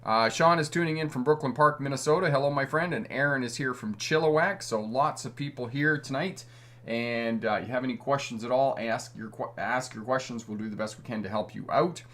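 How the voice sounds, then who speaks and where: Man, middle-aged, from Canada, driving instructor, live-stream host, friendly, chatty, chuckles often, ordinary pitch. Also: brisk, a bit bright. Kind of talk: live-stream chat answering viewer comments.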